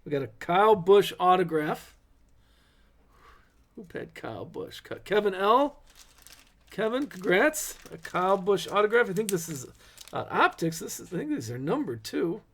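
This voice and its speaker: A middle-aged man hosts a live trading card break in a relaxed, chatty way, tossing in corny dad jokes between pulls. His voice sits a touch high for a man and has a gravelly edge. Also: moderate pace.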